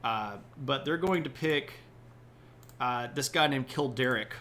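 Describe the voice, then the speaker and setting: A man's voice: medium pitch, measured pace, pushed and bright, a little hiss or hum. A man hosting a casual livestreamed history talk, explaining events in a joking, chatty way and often checking in with "right?". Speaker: history podcast host.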